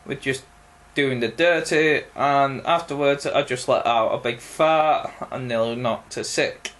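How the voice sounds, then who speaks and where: A young man answering viewer questions in a casual video, halting and full of ums. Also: mid-range voice, a bit bright. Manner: slow, halting, many ums and pauses. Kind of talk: casual Q&A vlog.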